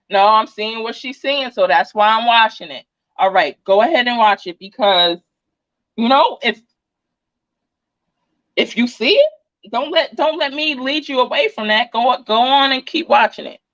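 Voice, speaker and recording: A middle-aged woman with a New Jersey accent hosting a true crime livestream, talking loudly, fast and passionately in casual chat. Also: on the high side, no room sound. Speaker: true crime YouTube channel host. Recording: slightly dull dry recording.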